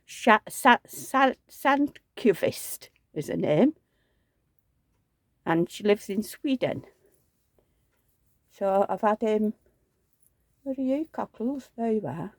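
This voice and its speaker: A woman's voice: mid-range voice, animated, takes it slowly, pauses often, warm tone, no echo. A woman, rambling through homely anecdotes in a chatty vlog and acting out the dialogue. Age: 70s. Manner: rambling anecdotal storytelling, acts out quoted dialogue. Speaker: reborn doll collector.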